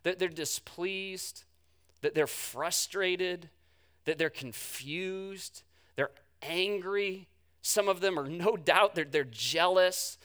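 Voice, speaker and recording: A man preaching a sermon, telling the story with animation and swinging from loud bursts to hushed words. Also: high voice, slow. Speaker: pastor.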